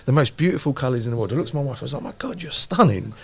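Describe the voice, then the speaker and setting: A man, a podcast host telling a lively personal story in casual chat. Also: mid-range voice, rapid-fire, creaky. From London. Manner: animated anecdote teller, repeats phrases for emphasis.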